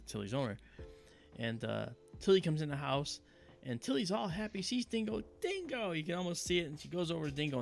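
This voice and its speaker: Gravelly man hosting a livestream. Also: medium pitch. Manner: animated storytelling with quoted dog voices. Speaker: livestream host. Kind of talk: casual livestream chat.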